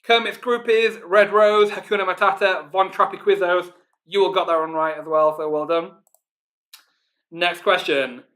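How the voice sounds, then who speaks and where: A man with a Northern English accent hosting a live online pub quiz, chatting informally with lots of ums and reading each question out slowly, then repeating it. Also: high-pitched, steady tone, sharp tone. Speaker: quiz host.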